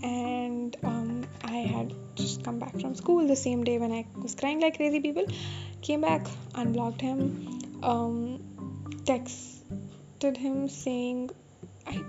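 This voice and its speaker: A woman's voice: sits high, fairly even intonation, takes it slowly, gravelly. A woman hosting a podcast who tells a personal story in a candid, self-deprecating, rambling way. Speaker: podcast host. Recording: dull lo-fi audio with music behind. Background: music.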